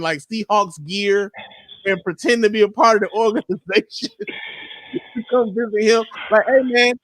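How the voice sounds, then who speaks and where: A man in his thirties co-hosting a podcast, chatting casually about sports with loud, laughing, profane banter. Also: sits high, no echo. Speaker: podcast co-host.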